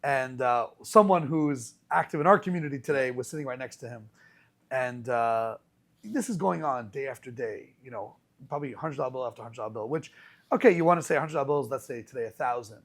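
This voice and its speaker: A man hosting a podcast as a rabbi, telling stories in a casual, animated way with many restarts. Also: mid-range voice, fairly quick. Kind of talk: casual conversational storytelling.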